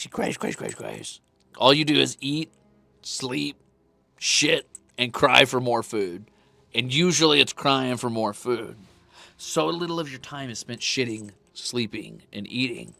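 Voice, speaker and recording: Male streamer at home, gravelly, very animated pitch, profane and teasing, baby-talks to his cat. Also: a little slow, faint music behind. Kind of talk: casual live-stream chat while drawing. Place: room at home.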